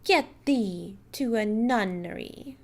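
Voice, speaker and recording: A woman voicing a theatrical man who declaims slowly and grandly as she reads game dialogue. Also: mid-range voice, animated, noisy background. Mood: declaiming. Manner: slow, declaiming.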